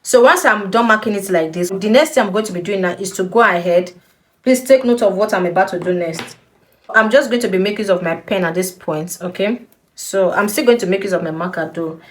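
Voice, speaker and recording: A young woman giving a patient step-by-step sewing tutorial, repeating key points and checking in with the viewer. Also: medium pitch. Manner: slow, patient, repeats instructions with frequent "okay?". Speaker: sewing instructor.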